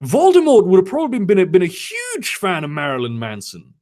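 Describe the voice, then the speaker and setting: Sarcastic young man with a lively voice. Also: high-pitched, fairly quick. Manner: sarcastic, swearing, animated asides. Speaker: streamer reading fanfiction aloud. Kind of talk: comedic live-stream reading with commentary. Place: home, lives in Germany.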